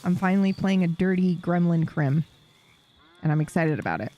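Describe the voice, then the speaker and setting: A woman's voice: fairly low pitch, normal speed, warm tone. Chatty, cussing woman streaming to chat. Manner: chatty and profane, laughs often. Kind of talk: casual chat to a live stream audience while playing a game.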